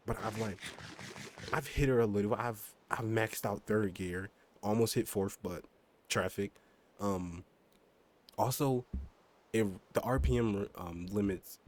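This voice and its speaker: A young man streaming a game and chatting casually about his motorbike and car, rambling with lots of fillers and mild swearing. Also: lowish voice. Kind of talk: casual chat while gaming.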